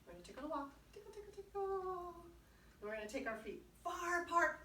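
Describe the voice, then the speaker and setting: Woman, children's librarian, fairly high voice, cheerful and encouraging, playful sound words, roomy distant recording. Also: expressive, rapid-fire, bright, forceful tone, slight background noise. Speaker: children's librarian leading a movement class. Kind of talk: lively children's music and movement class.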